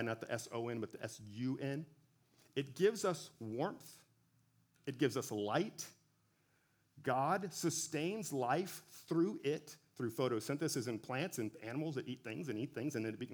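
A man giving a relaxed sermon, talking conversationally with frequent self-corrections and joking asides. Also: mid-range voice. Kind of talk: casual sermon.

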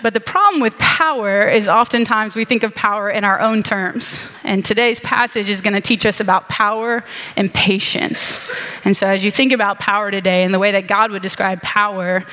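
A woman's voice: mid-range voice, a bit bright. A middle-aged woman preaching a sermon in a chatty, self-mocking way, with joking asides to her audience. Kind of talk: sermon with humorous stories. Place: large hall with an audience. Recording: reverberant hall.

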